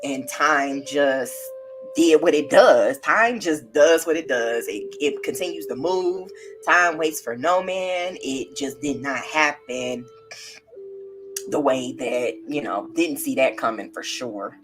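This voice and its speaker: A woman's voice: rumbling low, slow pace, over music. A young woman hosting a tarot livestream, talking candidly and emotionally in a rambling way and reading out viewer comments.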